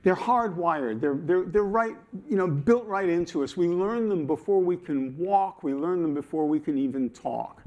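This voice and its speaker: A man giving a talk at a conference, animated and playful, acting out his examples as he explains them. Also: on the high side, normal speed, few pauses, dull audio. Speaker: conference speaker.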